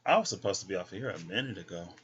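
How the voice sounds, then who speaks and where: Talking very fast in a low, animated voice, a man muses on tarot cards and his dreams in a casual vlog. He hesitates and wanders from thought to thought, recorded with dull lo-fi sound and faint noise.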